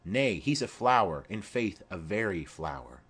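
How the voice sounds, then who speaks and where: Old nurse, chatty and fond, low unhurried voice with plenty of swing; a man reading her part. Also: big pitch swings, a bit bright, breathy edge, exaggerated voice. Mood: rambling. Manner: rambling, fond, earthy asides. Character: chatty old female nurse, rambling and doting. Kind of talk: audiobook play reading.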